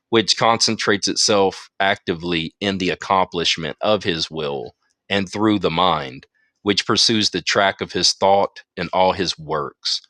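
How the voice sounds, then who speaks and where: A man's voice: fairly low pitch, a bit bright, no echo, clean studio sound. A man leading a Bible study, reading passages aloud and breaking off into emphatic asides to his listeners. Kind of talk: teaching with read-aloud passages. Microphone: phone in an audio chat room.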